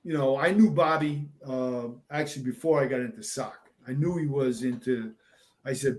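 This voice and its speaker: A man in his sixties, a veteran fire captain, telling war stories as a podcast guest in a lively, profane way. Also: mid-range voice, moderate pace. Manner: animated, profane storyteller. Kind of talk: casual storytelling in an interview.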